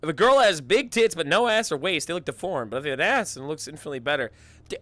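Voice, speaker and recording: A man streaming a roleplay game, joking crudely and loudly in casual banter with a hoarse voice. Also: a little high, animated, rapid-fire, no room sound.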